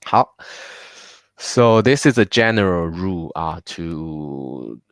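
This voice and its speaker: A man's voice: deep voice, expressive, slow pace, creaky, no echo. A man teaching a live online class, patiently drilling words aloud with many fillers. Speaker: Mandarin teacher. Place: home.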